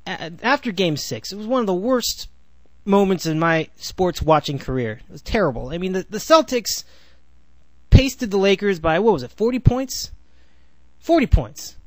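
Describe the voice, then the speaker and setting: A man's voice: sits high, sing-song, moderate pace, no echo. A man in his twenties hosting a solo sports podcast, rambling with sarcastic asides and frequent self-corrections. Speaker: podcast host.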